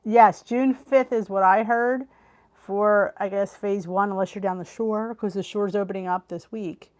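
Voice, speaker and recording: Speaking at a measured pace in a steady, medium-pitched voice that's a little mellow, a middle-aged woman with a Philadelphia accent hosts a live stream. She runs a weight loss channel, chats with viewers and laughs often.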